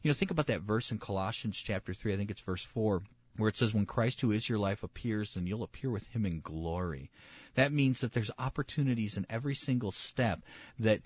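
A male pastor preaching a sermon, swinging between loud emphasis and soft hushed asides, acting out quoted voices. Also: on the low side, a little fast, no echo, highs cut off. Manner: acts out quoted voices and inner dialogue.

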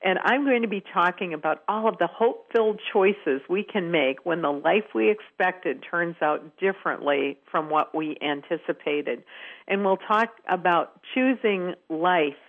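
A woman's voice: on the low side, a little slow. An older woman telling stories earnestly as a guest on a phone-in radio interview. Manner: earnest, warmly emphatic storyteller. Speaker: guest speaker. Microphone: telephone. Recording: tinny phone line.

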